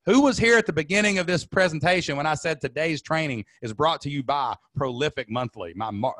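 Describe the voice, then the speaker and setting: A man hosting a sales webinar, fired up and preachy, repeating slogans and letting out loud whoops. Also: on the high side, no echo. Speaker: webinar host. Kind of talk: energetic sales webinar talk. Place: home studio under lights.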